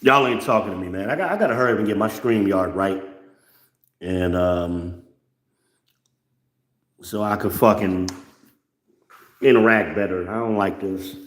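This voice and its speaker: A man's voice: on the low side, measured pace, long pauses, a bit bright, a little hiss or hum. Blunt, preachy man in a roomy echo. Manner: blunt, preachy, calls for amens. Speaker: livestream host. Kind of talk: casual profane monologue to viewers.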